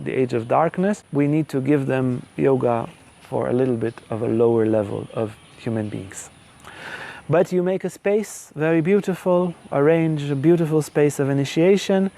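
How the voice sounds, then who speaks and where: A solemn male god gives careful, ritual instructions, as a man voices him in a storytelling lecture. The voice is warm and mellow and sits a touch high for a man. His delivery is measured and instructive. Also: gravelly.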